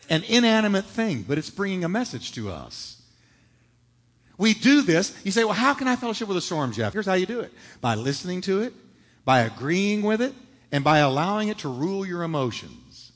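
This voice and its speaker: A man's voice: sits high, a bit bright. A man preaching a sermon, emphatic, asking rhetorical questions and answering them himself. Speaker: pastor. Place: church sanctuary. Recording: reverberant hall.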